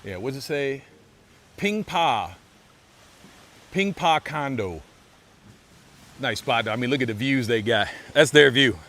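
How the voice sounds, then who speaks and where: A man live-streaming a relaxed walk outdoors by a beach, chatting casually and thanking viewers over and over. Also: medium pitch, a little slow, pauses often. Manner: laid-back, thanks viewers for donations, repeats phrases. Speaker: live-streaming walking vlogger.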